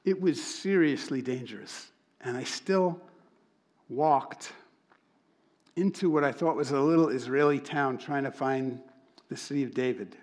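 Animated storytelling preacher, a man. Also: medium pitch, a little slow. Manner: animated storyteller, acts out quoted voices. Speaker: pastor. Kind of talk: sermon storytelling.

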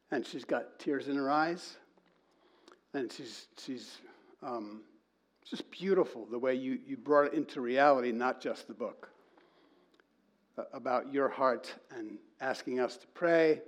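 A man preaching to a congregation, telling a story in an animated way and reading quoted lines in a slow sing-song. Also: medium pitch. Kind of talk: sermon.

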